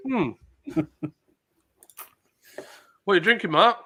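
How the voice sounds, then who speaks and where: A man's voice: high-pitched, lively intonation, slow pace, bright, forceful tone, slight background noise. A man hosting a casual livestream chat, reading out viewer comments and bantering. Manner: chatty, banters and reads out chat messages. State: ill and isolating. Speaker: livestream host.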